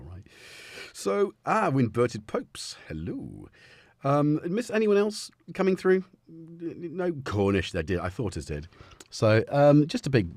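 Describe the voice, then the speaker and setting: A man's voice: on the low side, a little mellow, breathy edge, no echo. A man hosting a live stream, chatting in a rambling, jokey way that keeps interrupting itself. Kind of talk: casual live-stream chat.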